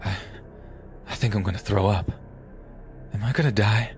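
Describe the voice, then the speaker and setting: A man voicing a badly injured twenty-year-old man, shaky, halting and pleading. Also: lowish voice, a little mellow, faint music behind, lightly acted. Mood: desperate.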